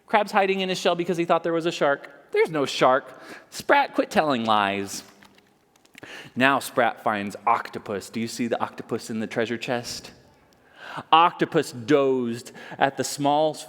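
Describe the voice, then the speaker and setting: A man in a library reading a picture book aloud to children, playful and animated, asking them questions. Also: a little high. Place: library story room. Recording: long reverb in a large room.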